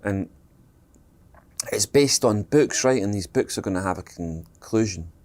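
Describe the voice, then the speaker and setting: A man's voice: lowish voice, expressive, unhurried, darkish tone. A Scottish man, a guest actor, talking casually in a podcast interview, thoughtful and rambling, with many fillers and restarts. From Scotland.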